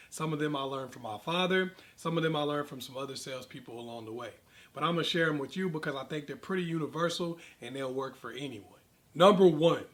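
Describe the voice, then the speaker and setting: A man with a fairly high-pitched voice talks straight to his viewers as a sales coach. He sounds confident and direct, hammering home each point with runs of repeated phrases in a casual, emphatic monologue. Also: fairly bright tone. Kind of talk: casual advice monologue to camera.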